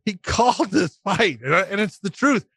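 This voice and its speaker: Animated man telling a swearing anecdote. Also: high-pitched, moderate pace, husky, dry recording. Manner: animated storyteller, laughs often, swears. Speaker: podcast co-host.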